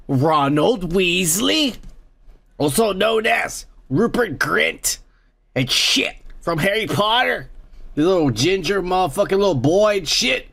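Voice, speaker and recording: A man's voice: high voice, gravelly, fairly bright tone. A man hosting a comedy podcast, ranting crudely about the news and raising toasts while drinking. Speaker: podcast host. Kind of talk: profane comedic news rant.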